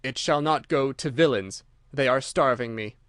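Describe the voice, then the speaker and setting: A man's voice: medium pitch, moderate pace, a bit bright, no echo, clean studio sound, lightly acted. Starving male captive, curt and defiant, read by a male audiobook narrator. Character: starving defiant Greek prisoner, indignant man.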